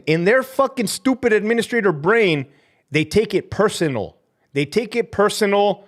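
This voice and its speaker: A man, a former prison guard, ranting heatedly through viewer comments with constant swearing and bits of Spanish slang. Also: sits high. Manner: drops Spanish slang into English. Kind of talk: livestream rant reading viewer comments.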